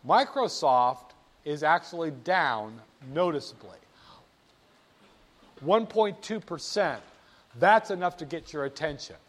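A man teaching about stock charts in an animated, playful way, often asking the viewer rhetorical questions. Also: fairly high pitch, takes it slowly, long pauses. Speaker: finance instructor. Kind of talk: screen-share lesson on market charts.

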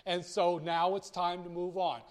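Man, finance lecturer, high voice, blunt, theatrical, acts out dialogues. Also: little pitch movement, unhurried. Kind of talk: recorded lecture.

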